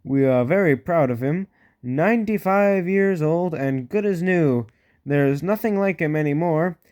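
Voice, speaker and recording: A man's voice: a little high, measured pace, darkish tone, pitched above the performer's own voice, close to an everyday voice. A man voicing a proud railway owner giving a cheerful little speech in a storybook reading.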